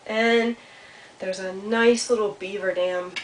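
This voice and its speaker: A woman reading a children's story aloud in a lively way, talking directly to young listeners. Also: mid-range voice, slow, slight background noise. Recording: echoey room, mic far off, faint ambience.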